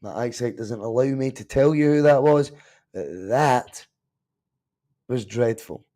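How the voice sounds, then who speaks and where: A Scottish man hosting a live football watch-along podcast, chatting casually, reacting to the match and the chat with animated, sometimes sweary remarks. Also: mid-range voice, measured pace. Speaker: podcast host.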